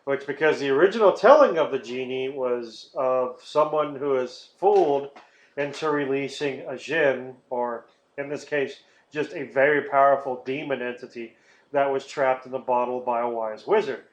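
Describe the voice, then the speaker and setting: A man's voice: mid-range voice, moderate pace. A man co-hosting a podcast, rambling through stories with lots of swearing and laughter. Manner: rambling, profane, laughs often. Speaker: podcast co-host. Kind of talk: casual chat. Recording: roomy, dull lo-fi sound.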